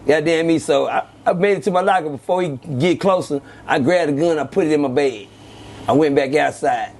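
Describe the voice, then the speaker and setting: A man telling old street stories as an interview guest, animated and acting out quoted voices. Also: fairly quick. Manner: animated, acts out quoted voices with sudden pitch jumps. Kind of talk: casual storytelling.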